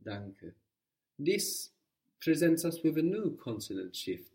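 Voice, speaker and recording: A man teaching a guided language lesson, patiently prompting and repeating answers slowly. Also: fairly high pitch, very animated, vocal fry, mellow, far from the mic.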